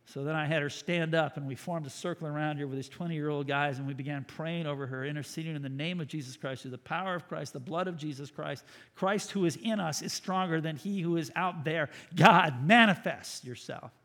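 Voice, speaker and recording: A man preaching a sermon as pastor, with a voice pitched a bit higher than most men's. He tells his story dramatically, surging loud and then dropping to a hush. His words ring out in a long church-hall reverb. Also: steady tone, a little fast, few pauses.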